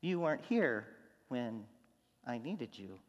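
Pastor preaching in an echoing hall. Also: male voice, medium pitch, takes it slowly, lo-fi sound. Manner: storytelling, shifts from loud animated to soft. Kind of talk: sermon.

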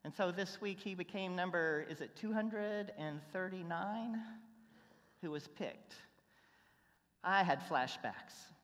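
A preacher delivers a sermon in a church sanctuary at an ordinary middle pitch. Long reverb from the hall trails each phrase. The delivery is conversational and story-driven, dropping to a near hush and then rising to emphatic points. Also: slow pace. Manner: conversational storytelling, swinging between hushed and emphatic. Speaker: pastor.

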